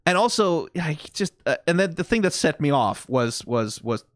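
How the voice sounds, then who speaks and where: A man talks through an anime episode in loose, profane commentary, circling back and restarting his sentences. His voice sits on the high side and swings widely in pitch. The sound is dry and close, with no room around it. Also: moderate pace, no echo. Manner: animated, profane rambling with frequent restarts and laughs. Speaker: anime reaction host. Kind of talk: casual reaction commentary.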